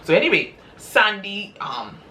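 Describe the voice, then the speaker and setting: A woman casually retelling a story she wrote, chatty and drawn-out, often calling her listeners y'all. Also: medium pitch, very animated, pushed and bright, a little hiss or hum. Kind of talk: casual spoken story recap.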